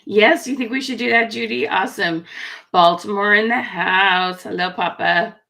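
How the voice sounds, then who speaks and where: A woman's voice: mid-range voice, normal speed, vocal fry, bright, forceful tone. A woman hosting a live online stream, chatting in a friendly way as she greets viewers in the comments. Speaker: livestream host.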